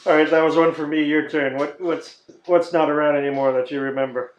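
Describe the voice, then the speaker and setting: High-voiced texas guy ranting and cussing, laughs a lot, echoey room. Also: fairly even intonation, fairly quick, lo-fi sound. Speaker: podcast co-host. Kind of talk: casual profane chat. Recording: roomy echo.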